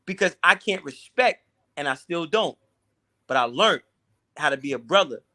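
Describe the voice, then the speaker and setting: A man's voice: a little high, expressive, pushed and bright. A man telling a personal story in casual, profane talk, often repeating himself. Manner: profane, halting, repeats words. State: teary. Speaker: guest.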